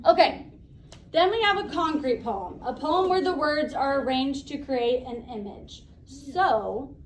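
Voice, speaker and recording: A woman teacher leading a classroom lesson, brisk and encouraging, asking the class questions. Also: high voice, lively intonation, roomy sound, distant mic, a little hiss or hum, low-quality recording.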